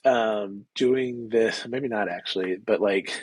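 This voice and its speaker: A man with a husky, fairly low voice chats easily on a podcast, agreeing and moving topics along. His voice sounds close and dry, with no room sound around it. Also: slow pace, darkish tone, no room sound, low-quality recording. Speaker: podcast co-host. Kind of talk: casual podcast chat.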